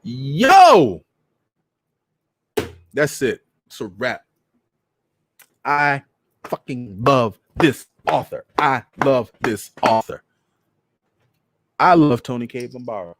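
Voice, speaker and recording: A man hosting a storytelling show, chatting casually and gushing with excitement after a reading. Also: mid-range voice, takes it slowly, pauses often, dry recording. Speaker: storytelling host.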